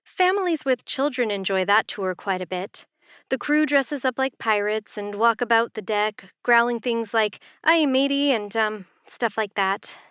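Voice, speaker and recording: Audiobook heroine: a woman voicing a flustered young woman at a tour booth, lifted a little higher than the narration, quick and a touch breathless. Smooth, clear tone. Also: animated, fairly bright tone, no echo, clean studio sound.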